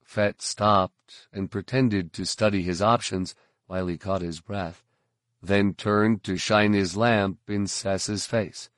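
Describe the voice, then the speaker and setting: A man reading a science fiction novel aloud, with measured, steady storytelling. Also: on the low side, no room sound, clean studio sound. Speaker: audiobook narrator. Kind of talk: scripted narration.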